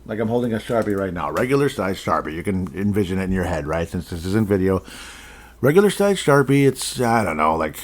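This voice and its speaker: A man's voice: sits low, big pitch swings, a little fast. A man hosting a casual sports podcast, rambling and jokey, chuckling often as he talks. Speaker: podcast host.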